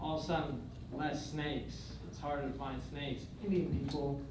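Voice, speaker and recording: A young male comedian telling crude, swaggering stories in a stand-up set, swinging between loud and quiet. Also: on the high side, flat delivery, normal speed, background noise. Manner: crude, swaggering storytelling with big swings in loudness. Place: comedy club stage. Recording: echoey club recording from far off. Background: audience laughter.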